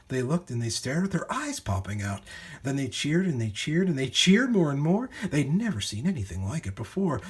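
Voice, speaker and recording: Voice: medium pitch, big pitch swings, brisk, slightly rough. A storyteller reading a rhyming children's picture book aloud in a sing-song manner.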